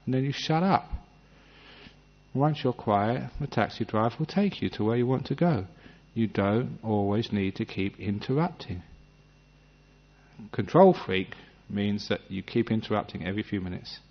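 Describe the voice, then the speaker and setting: A man giving a gentle, humorous meditation talk, acting out little scenes as he teaches. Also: on the low side, lively intonation, normal speed. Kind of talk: dharma talk. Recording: dull lo-fi recording.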